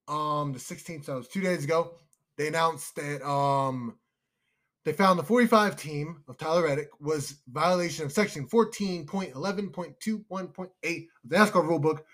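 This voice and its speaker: A young man co-hosting a casual podcast chat, excitable and emotional, calling his listeners "y'all". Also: fairly high pitch. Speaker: podcast co-host.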